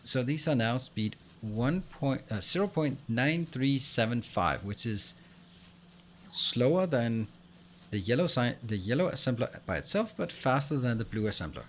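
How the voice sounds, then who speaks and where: Man, game commentary, explaining as he plays, average pitch, frequent fillers. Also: slight background noise. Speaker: let's play host. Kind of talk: gameplay commentary.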